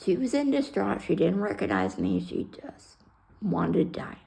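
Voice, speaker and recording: A woman's voice: fairly low pitch, wildly swooping pitch, moderate pace, vocal fry, warm tone, low-quality recording. A woman casually telling a personal story on her vlog, blunt and heated, swearing freely and sometimes dropping almost to a whisper.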